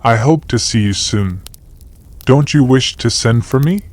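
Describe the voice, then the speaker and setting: A man's voice: medium pitch, animated, unhurried, darkish tone, no room sound, natural voice. A man voicing a cheeky young schoolboy who chatters through a letter full of postscripts, in an audiobook. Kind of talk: audiobook character voice.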